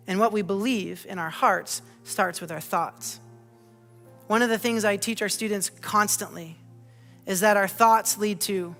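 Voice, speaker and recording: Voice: medium pitch, unhurried, fairly bright tone, long reverb tail, faint music behind. A pastor giving a sermon, earnest and personal, with many rhetorical questions. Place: church auditorium.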